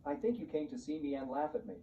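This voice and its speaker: A man reading the lines of a bitter, self-pitying middle-aged mother-in-law in a flat, even voice. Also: a little high, fast, reverberant, natural voice. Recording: muffled, distant, faint hiss.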